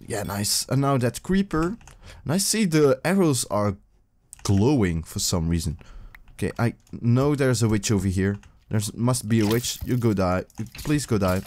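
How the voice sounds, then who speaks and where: A man hosting his own gaming video, giving rambling, casual let's-play commentary full of fillers and breaking into excited yelps, talking into a desk microphone as he plays. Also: mid-range voice, normal speed.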